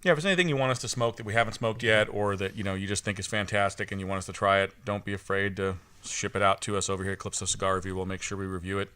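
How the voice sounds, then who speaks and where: A man's voice: lowish voice, fairly even intonation, rapid-fire, few pauses, sharp tone, smooth. A man co-hosting a casual podcast, talking in a laid-back, jokey way. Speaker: podcast co-host. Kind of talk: casual chat.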